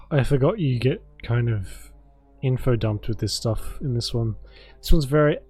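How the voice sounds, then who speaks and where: Male streamer, casual joking commentary, mid-pitched voice, faint game music. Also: expressive, a little slow, darkish tone, slightly rough. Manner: chatty, joking, thanks viewers.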